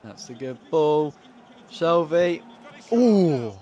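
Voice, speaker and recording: A man giving live gameplay commentary, excitable, shouting at the match and joking with himself. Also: a little high, extremely slow, lo-fi sound. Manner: excitable, shouts at the match and laughs at his own jokes. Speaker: gaming channel host.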